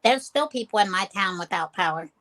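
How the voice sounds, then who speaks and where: A woman's voice: medium pitch, animated, fairly quick, a bit bright. A woman co-hosting a podcast in casual chat, playful and a little defensive. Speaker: podcast co-host.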